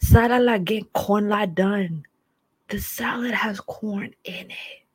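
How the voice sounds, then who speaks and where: Give me a young woman vlogging, animated and dramatic, with a dry, close sound. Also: mid-range voice, slow, husky, no echo. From United States. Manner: animated and dramatic, slangy exclamations. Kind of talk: casual storytelling to viewers.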